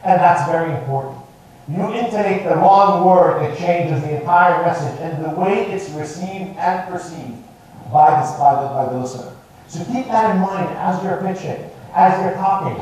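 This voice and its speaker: A fairly high-voiced man gives a live coaching talk with emphatic, varied intonation and the odd stumble over repeated words. He sounds set back from the mic in a very echoey room. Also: moderate pace, a little mellow, distant mic. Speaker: presentation coach. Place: training room with contestants.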